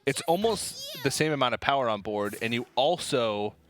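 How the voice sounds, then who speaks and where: Lively-voiced esports co-caster. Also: mid-range voice, noisy background. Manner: analytical, quick banter. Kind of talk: live game commentary.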